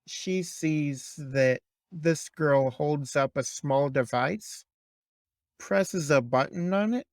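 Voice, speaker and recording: Slow, measured male game master. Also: a little high, no echo. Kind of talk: narrating a tabletop game.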